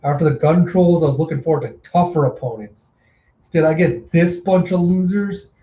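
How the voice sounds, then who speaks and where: A man's voice: a little high, normal speed, echoey room, highs cut off, lightly acted. A man reading as a cocky, taunting fighter. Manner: taunting, blunt. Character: cocky, brash young male cyborg fighter.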